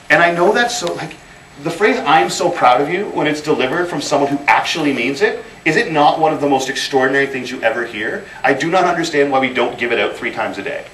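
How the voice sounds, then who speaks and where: A little high and brisk, with a slightly bright edge, a man in his thirties gives a motivational guest speech. He tells stories and repeats phrases for emphasis. The event hall recording is roomy, with a distant mic and faint background noise.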